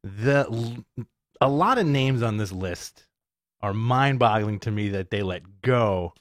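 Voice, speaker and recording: Lively, laughing man co-hosting a podcast. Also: lowish voice, slow pace, dry recording, clean studio sound. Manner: playful, laughs easily, teasing. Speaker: podcast co-host. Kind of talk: casual wrestling podcast chat.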